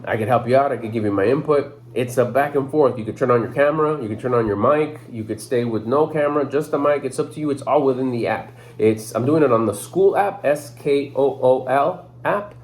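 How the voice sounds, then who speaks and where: A man at an ordinary middle pitch makes a casual sales pitch straight to camera for his personal development channel. He speaks loosely in everyday slang, often restarting and repeating words as he goes. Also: fairly quick, hardly any pauses, darkish tone.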